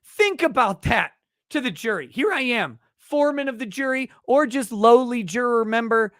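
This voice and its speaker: A man's voice: very high-pitched, expressive, moderate pace, fairly bright tone, no echo, studio quality. Profane ranting male legal commentator. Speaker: legal commentary show host. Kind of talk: livestream commentary rant.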